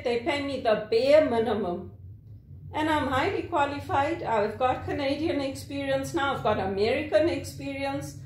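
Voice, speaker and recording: High-voiced woman, echoey room. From Zimbabwe. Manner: animated, mimics angry callers, laughs often. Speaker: call center worker. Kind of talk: candid personal monologue.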